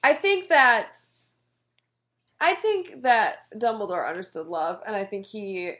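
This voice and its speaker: A woman's voice: mid-range voice, slow, a bit bright. A woman co-hosting a podcast, chatting easily about a book with some hesitant "um"s. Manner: easygoing, hesitant with "um" and "like". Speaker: podcast co-host. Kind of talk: casual book-discussion chat.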